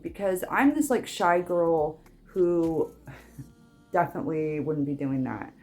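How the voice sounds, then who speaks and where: Young woman rambling thru a vlog, kinda low voice, faint music behind. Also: slow, a little mellow. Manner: chatty, rambling, with many restarts and fillers. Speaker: vlogger. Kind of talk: casual vlog chat.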